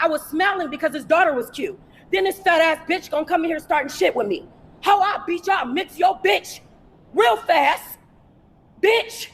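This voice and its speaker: High-voiced woman ranting profanely. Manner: profane, confrontational, repetitive shouting. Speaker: livestreamer. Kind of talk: angry livestream rant. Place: indoors in a fast-food restaurant. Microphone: phone held for a livestream.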